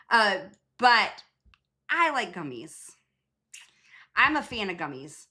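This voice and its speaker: A woman's voice: medium pitch, big pitch swings, slow, pauses often, pushed and bright. A woman nurse practitioner, hosting a casual live Q&A, chatting in a rambling way with many fillers and restarts. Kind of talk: casual livestream chat.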